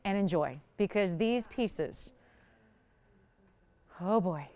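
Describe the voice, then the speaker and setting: Excitable shopping channel woman, smooth voice. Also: a little high, normal speed. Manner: chatty and excitable, pushing urgency. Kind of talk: live home-shopping sales pitch. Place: TV studio.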